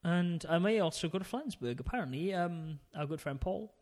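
Chatty man, fairly high voice. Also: moderate pace. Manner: relaxed, rambling, laughs often. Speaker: podcast co-host. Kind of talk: casual chat.

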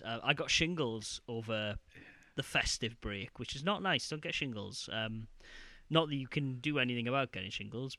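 A man's voice: medium pitch, sharp tone, no room sound. A man co-hosting a gaming podcast in casual chat, rambling and laughing often as he talks. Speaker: podcast co-host.

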